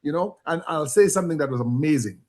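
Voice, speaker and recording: Husky-voiced man telling stories. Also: on the high side, quick pace. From Dominica. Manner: storytelling, animated when quoting others. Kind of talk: conversational interview.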